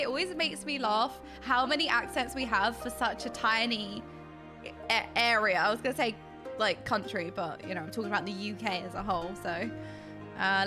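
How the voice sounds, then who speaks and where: A woman's voice: on the high side, bright, forceful tone. A woman from Essex with a mix of London and Essex accent, chatting casually with her stream audience, laughing often and bantering indignantly. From Essex, England.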